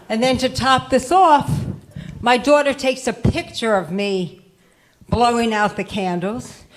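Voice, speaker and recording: A woman in her fifties performing a stand-up set, telling stories in a wry voice that jumps high when she acts out panic. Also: unhurried. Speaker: stand-up comic.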